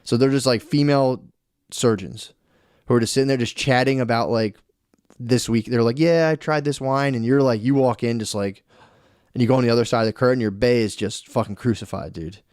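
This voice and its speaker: A man in his thirties co-hosting a casual podcast, telling a long story in an animated way, peppered with swearing and "dude". His voice sits at an ordinary pitch. The sound is close and dry, with no room echo. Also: fairly quick. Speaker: podcast co-host. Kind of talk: casual chat.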